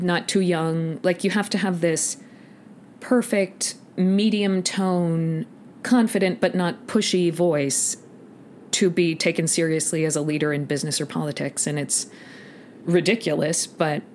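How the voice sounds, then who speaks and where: Low-voiced woman audiobook narrator. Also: slow. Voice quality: fairly deep voice for a woman. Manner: animated, demonstrates voices mid-sentence. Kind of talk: conversational interview. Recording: faint background noise.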